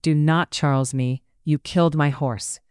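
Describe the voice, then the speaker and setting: A narrator voicing a rowdy, befuddled young gentleman in an audiobook, in a measured read. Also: mid-range voice, fairly even intonation, clean tone, no room sound, clean studio sound, natural voice.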